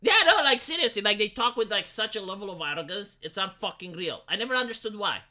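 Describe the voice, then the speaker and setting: A woman's voice: medium pitch, lively intonation, fast talker, sharp tone. A young woman streamer ranting in casual chat, profane and exasperated, rambling with frequent restarts. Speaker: live streamer.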